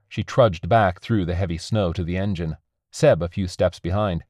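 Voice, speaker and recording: A man narrating a story in a measured, expressive audiobook style. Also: low-pitched, no echo, clean studio sound.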